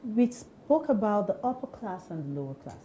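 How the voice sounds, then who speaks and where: A woman hosting a radio interview, asking questions calmly. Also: medium pitch, moderate pace, slight background noise, low-quality recording. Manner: calm, questioning, soft-spoken. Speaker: radio host.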